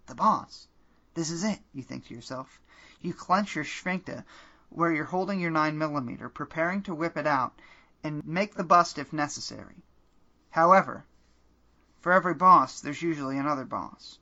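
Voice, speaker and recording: A man's voice: on the high side, normal speed, bright, forceful tone. A man hosting a podcast, narrating a comedic choose-your-own-adventure story in a dry manner that sometimes cracks into laughter. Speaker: podcast host and game narrator. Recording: slightly muffled lo-fi audio.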